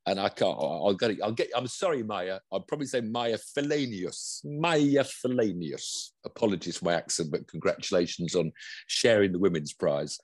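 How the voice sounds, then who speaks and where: A man's voice: sits low, expressive, fairly quick, dry recording, clean studio sound. A British man co-hosting a casual motorsport chat, rambling and chatty. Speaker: motorsport podcast co-host.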